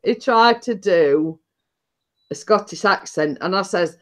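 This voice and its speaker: A woman's voice: mid-range voice, slow. A woman in her fifties with a Nottinghamshire accent, hosting a casual live chat and reading out comments, laughing often and poking fun at herself. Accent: Nottinghamshire English. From Nottinghamshire, England. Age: 50s. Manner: chatty, laughs often, self-deprecating. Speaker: host.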